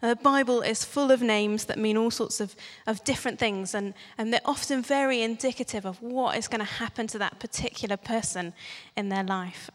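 A woman's voice: a little high, fairly quick, hardly any pauses. Chatty woman preaching in a reverberant church. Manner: chatty, playful, asks the congregation questions. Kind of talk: sermon.

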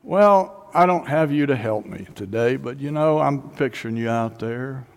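Preacher building to fervent cadence, hall reverb. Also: male voice, mid-range voice, animated, moderate pace, gravelly. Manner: builds to rising call-and-response preaching. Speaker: pastor. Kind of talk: sermon. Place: near-empty sanctuary preaching to a camera.

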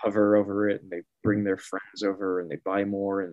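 A man chatting casually as a guest, animated and laughing often, acting out other people's reactions. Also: low voice, brisk, few pauses, no room sound. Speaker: guest artist. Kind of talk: casual storytelling.

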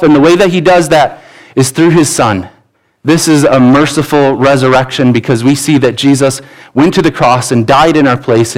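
A man's voice: a little high, poor audio. A pastor preaching a sermon in a church, earnest and pleading, often restarting his words. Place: church sanctuary.

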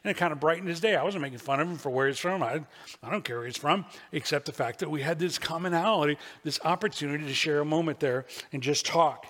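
A man's voice: fairly high pitch, quick pace, fairly bright tone. A man preaching a sermon as pastor, telling folksy stories with asides. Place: church sanctuary. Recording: long reverb of a church hall.

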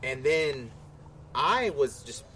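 A man's voice: medium pitch, big pitch swings, slow, bright, forceful tone, slight background noise. A man hosting a casual podcast, telling a long story in a rambling way, swearing freely and a little tipsy. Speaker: podcast host. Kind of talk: casual chat.

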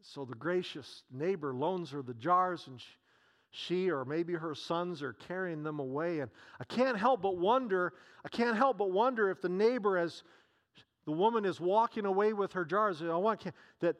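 Male preacher, high voice, storytelling delivery that acts out neighbors' dialogue and asks rhetorical questions. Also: normal speed, a bit bright. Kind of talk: sermon.

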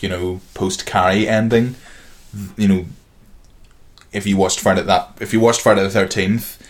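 Podcast co-host, male, very low voice, rambling and casual. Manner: rambling storyteller, loose and hesitant. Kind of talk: casual chat.

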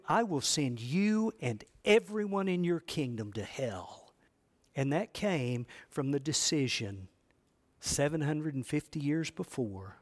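A man preaching a history sermon, telling stories with swings between loud drama and low emphasis and asking the congregation questions. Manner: asks the congregation rhetorical questions. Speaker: preacher teaching church history.

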